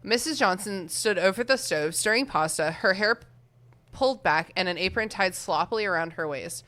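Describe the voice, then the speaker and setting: An expressive woman reads a story aloud for a podcast and keeps breaking into giggly chat with her co-host. Her voice is bright and swings widely in pitch. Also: normal speed. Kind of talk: dramatic reading with casual chat.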